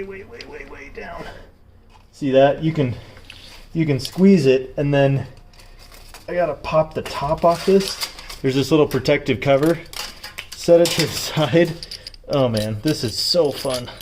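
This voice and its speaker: A man at an ordinary pitch narrates his DIY suspension job in a loose, chatty way. He jokes with his viewers and sounds strained when he has to reach. Faint ratchet clicks and mechanical sounds are heard behind him. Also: slight background noise. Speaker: DIY car vlogger. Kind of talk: casual how-to commentary while working. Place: working on a truck's rear suspension.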